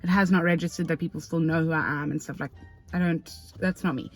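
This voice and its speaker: A young South African woman talking to camera from her car, telling a story in an excitable, chatty way with lots of slang and fillers. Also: deep voice, fast, faint music behind. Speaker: vlogger. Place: parked car.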